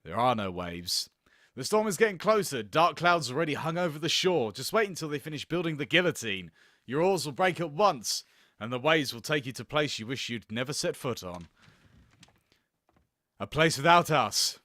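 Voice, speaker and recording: A man's voice: fairly high pitch, big pitch swings, normal speed, pushed and bright, no room sound, clean studio sound. A man reading as a grave, foreboding wife.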